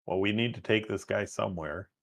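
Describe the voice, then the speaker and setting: A man playing a tabletop game over an online call, playful and laughing often as he pitches schemes. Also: fairly quick, gravelly. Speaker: player. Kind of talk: casual game table chat.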